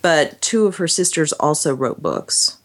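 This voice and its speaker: A woman with a low voice chats about a classic novel in an easy, conversational way. She thinks aloud, often lifting her voice as she makes a point. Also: measured pace. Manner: thoughtful, chatty, lively rises in pitch. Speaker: book discussion co-host. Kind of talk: casual book chat.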